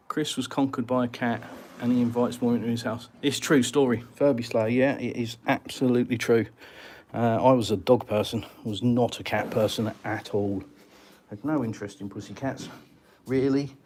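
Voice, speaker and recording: A man's voice: medium pitch, normal speed, a little mellow. A middle-aged English man with an English accent, chatting casually on a live stream from his house and answering viewers' comments. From England. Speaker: livestream host. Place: at home in a house. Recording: clear background noise with clicks.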